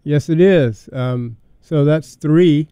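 A hesitant male radio host with a mellow, dark voice and a smooth, clean tone. He speaks a little high and fills his talk with pauses and ums. The sound is dry and close. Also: no echo, dull audio. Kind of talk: casual radio chat.

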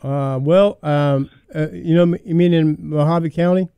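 A man's voice: on the high side, steady tone, unhurried, mellow, clear, resonant tone, dry recording. A man hosting a call-in radio show, taking callers with short, easygoing remarks. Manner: brief, easygoing interjections. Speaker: radio host.

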